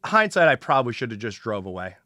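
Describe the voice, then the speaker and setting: A man's voice: medium pitch, very animated, fast, pushed and bright, dry recording, clean studio sound. A middle-aged man hosting a podcast, telling a story in casual chat, acting out quotes and swearing freely. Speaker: podcast host.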